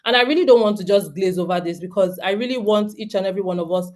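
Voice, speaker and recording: A woman's voice: mid-range voice, fast talker, a little mellow. A Nigerian woman in her thirties speaks to a group of homeschooling parents. She is earnest and direct, and she keeps turning to her listeners with questions. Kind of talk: talk to parents.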